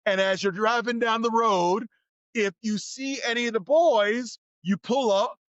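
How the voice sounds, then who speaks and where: Male guest, high voice, lively storyteller doing voices, dry close sound. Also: a little slow, dry recording, highs cut off. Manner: acts out voices and shouts in his stories. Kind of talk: animated storytelling.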